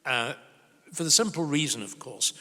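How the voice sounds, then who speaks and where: A man's voice: a little high, lively intonation, normal speed. Emphatic older man in a hall. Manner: emphatic, grave and forceful. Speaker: historian giving a conference talk. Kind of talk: conference speech and Q&A answer. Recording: reverberant conference hall.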